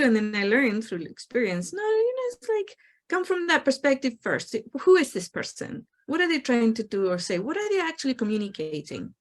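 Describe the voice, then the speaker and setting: A woman hosting a spiritual talk show, calmly explaining her ideas and acting out the replies people give. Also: a little high. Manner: reflective, explanatory, acts out quoted replies. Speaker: host.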